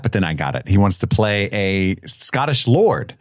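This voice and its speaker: Lively low-voiced man in joking chat. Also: dry recording, clean studio sound. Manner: joking, profane, doing quick silly voices. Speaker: podcast co-host reviewing a film. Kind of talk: casual chat.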